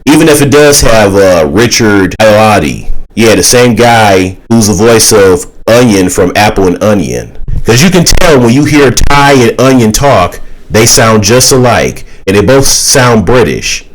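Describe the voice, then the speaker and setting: A man's voice: fairly low pitch, animated, unhurried, rough recording. A man giving a casual, exasperated opinion rant as a YouTuber. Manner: exasperated, ranting.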